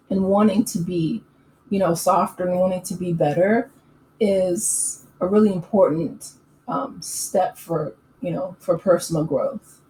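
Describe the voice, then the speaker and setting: A woman hosting a casual recap channel, chatting in an opinionated way with lots of fillers and quick laughs. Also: on the low side, darkish tone. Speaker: YouTube recap host. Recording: echoey room with faint ambient noise.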